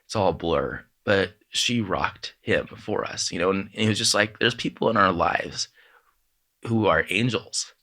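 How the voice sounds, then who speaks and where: A man, a podcast guest, telling heartfelt personal stories in a halting way, with many restarts and quoted voices of his parents. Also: low voice, pushed and bright. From Southern California. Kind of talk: emotional personal storytelling.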